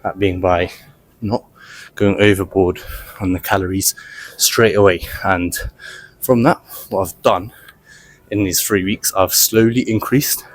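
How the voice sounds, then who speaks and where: A man's voice: sits low, steady tone, measured pace, long pauses, dry recording. A man talking casually to the camera while walking on a gym treadmill, a little out of breath, rambling with many fillers. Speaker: fitness vlogger.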